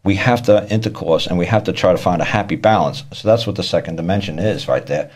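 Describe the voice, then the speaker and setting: A man's voice: low-pitched, fast talker, a little mellow. A man talking casually about court matters, rambling and repeating himself, acting out the people he quotes. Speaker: speaker on law and court tactics. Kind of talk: casual explanatory talk.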